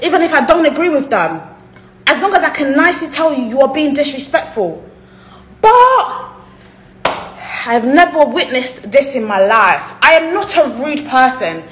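A woman's voice: sits high, sing-song, moderate pace, roomy sound. A woman recounting a dispute on a podcast, indignant and laughing, swearing and acting out quotes. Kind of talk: animated ranting chat.

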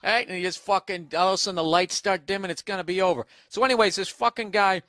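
A man's voice: sits high, steady tone, quick pace, pushed and bright. A man hosting a comedic podcast from a hotel room on a single microphone, reading out a listener email in a profane, sarcastic rant. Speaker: podcast host. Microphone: single microphone, no headphones.

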